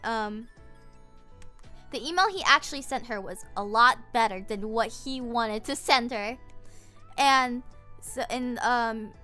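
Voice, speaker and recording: A woman with a high, bright and tense voice chats to her stream, telling a story in an exasperated, animated way and swearing freely. Faint music plays behind her. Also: smooth. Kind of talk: casual storytelling chat.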